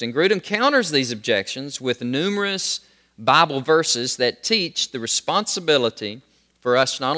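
Animated male preacher in a reverberant hall. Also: mid-range voice. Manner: animated, rises sharply when reading scripture aloud. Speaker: Bible teacher. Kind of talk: sermon-style doctrine lesson.

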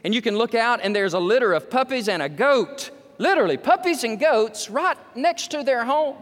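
A man preaching a sermon, telling stories that climb to excited, emphatic peaks. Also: extremely high pitch, normal speed, in a large hall.

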